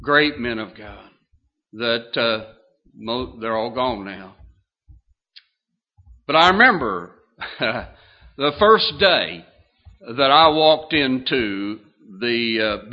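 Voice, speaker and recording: An older man in his sixties preaching a sermon, telling a folksy story with drawn-out phrases and many fillers. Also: medium pitch, muffled recording. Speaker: pastor.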